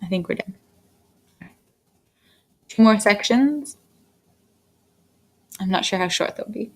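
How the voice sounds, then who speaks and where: A woman teaching a history lesson in a recorded lecture, talking in an unhurried, fairly monotone way with frequent fillers and restarts. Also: medium pitch. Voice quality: monotone delivery. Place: indoors, screen-recorded lecture.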